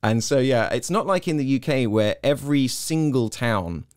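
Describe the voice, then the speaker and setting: A middle-aged man with an English accent, chatting as an interview guest and telling stories in a quick, animated way. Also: mid-range voice, no room sound, studio quality. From Hong Kong-born, British. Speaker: interview guest, content creator. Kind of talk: casual interview chat.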